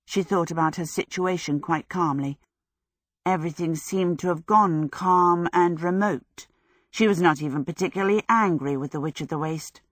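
In a studio-quality recording without echo, a woman's lowish voice carries scripted audiobook narration. Her storytelling stays measured and even throughout.

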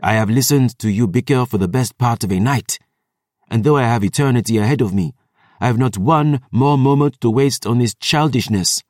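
A man's voice: medium pitch, moderate pace, darkish tone, no room sound, studio quality, pitched above the performer's own voice, natural voice. A man voicing a formal, commanding aristocratic vampire historian. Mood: imperious.

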